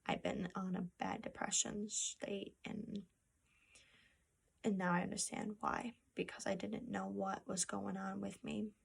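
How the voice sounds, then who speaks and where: A young woman speaks to her phone camera in a home vlog, in a slow and even voice with a lot of vocal fry. She is soft-spoken and halting, breaking off and restarting her sentences with sad pauses. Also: medium pitch. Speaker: vlogger. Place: home room with a treadmill.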